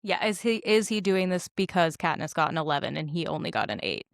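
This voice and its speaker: A woman's voice: low-pitched, fairly quick, gravelly, no room sound, studio quality. A woman co-hosting a casual podcast, talking through a film scene by scene with lots of laughter and acted-out quotes. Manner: animated, laughs often, acts out quotes. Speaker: podcast co-host.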